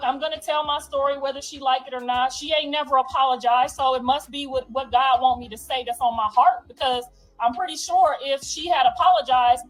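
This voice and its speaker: A middle-aged woman with a high voice rants with raw emotion, swearing bluntly and hammering her points home through repetition. Faint music plays underneath her. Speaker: mother telling her story. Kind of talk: emotional profane rant.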